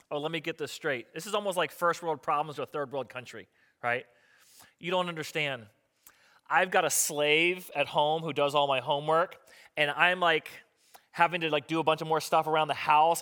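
Animated man preaching a sermon. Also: fairly high pitch. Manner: animated, acts out voices of people in the story; conversational and joking with the congregation. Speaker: pastor.

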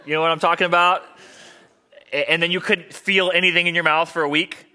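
A man's voice: a little high, steady tone, fairly quick, pushed and bright. A man preaching a sermon as pastor, talking conversationally and joking with the congregation.

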